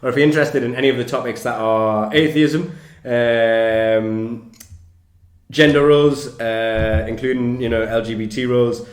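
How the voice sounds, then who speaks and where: A man's voice: medium pitch, fairly even intonation, moderate pace, reverberant. Swearing Geordie man telling stories. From Newcastle, England. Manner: swears a lot, laughs through stories. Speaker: comedian guest. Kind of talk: casual podcast storytelling.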